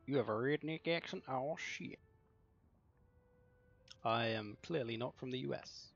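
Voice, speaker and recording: Speaking slowly in a mid-range voice, with vocal fry and frequent pauses, a southern English man hosts a livestreamed game tournament. He jokes around casually and mocks himself. The sound comes from a slightly dull lo-fi mic, with faint music playing.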